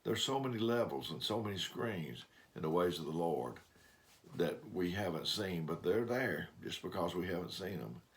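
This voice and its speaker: A man's voice: sits low, animated, moderate pace. An older man giving a folksy devotional talk, telling homespun stories in a rambling way. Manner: rambling storyteller, homespun grammar. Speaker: preacher.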